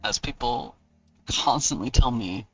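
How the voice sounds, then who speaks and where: A man with a Californian accent chats loosely with his viewers, thanking them and laughing between thoughts. His voice is bright and forward. The mic sits at a distance and sounds dull and lo-fi, with faint music behind. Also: mid-range voice, unhurried. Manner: chatty, rambling, laughs often, thanks viewers. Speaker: author hosting a book launch livestream. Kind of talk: casual livestream chat with viewers.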